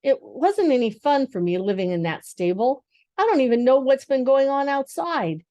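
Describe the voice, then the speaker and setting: An older woman voicing a simple, apologetic male donkey in a high, halting voice for a storybook reading. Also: expressive, dark tone, no room sound, muffled recording. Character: gentle simple-minded male donkey, sorry and meek.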